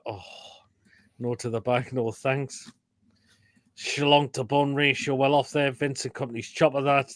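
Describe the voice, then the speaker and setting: A man's voice: mid-range voice, no room sound. English man, live stream host, blunt crude food verdicts, dry close sound. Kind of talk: casual live-stream chat.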